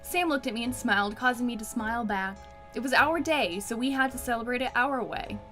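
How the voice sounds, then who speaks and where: A woman's voice: fairly high pitch, fairly quick, music in the background. A woman casually playing and reading a romance visual novel aloud, joking and swearing along the way. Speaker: game player and reader.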